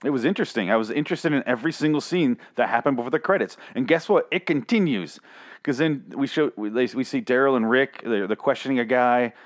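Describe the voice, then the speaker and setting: A man's voice: medium pitch, fast. A man rambling through a casual solo recap of a TV episode, profane, joking and self-mocking.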